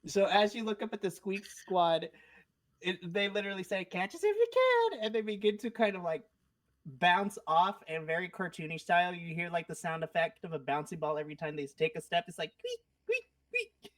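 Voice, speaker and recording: A woman with a slightly low voice narrates a tabletop adventure as game master. She is playful and giggly and often laughs as she goes. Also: steady tone, fairly quick. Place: live stream.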